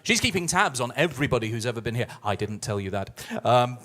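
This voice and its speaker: A man's voice: medium pitch, big pitch swings, fast, bright, forceful tone. A man hosting a live musical theatre night, chatting in a self-mocking, playful way. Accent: Scottish. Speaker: host. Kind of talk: live cabaret hosting banter. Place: live music club venue.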